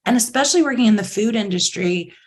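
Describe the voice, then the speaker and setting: A middle-aged woman, a company chief executive, telling stories in an interview with lively enthusiasm and acting out the voices of others. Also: medium pitch, quick pace. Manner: enthusiastic, acts out quotes in bright voices. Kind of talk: animated interview storytelling.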